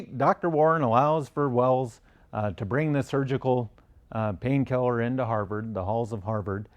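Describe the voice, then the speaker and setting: Unhurried man lecturing with frequent pauses. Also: medium pitch, darkish tone. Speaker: lecturer on medical history. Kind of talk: spoken history lecture.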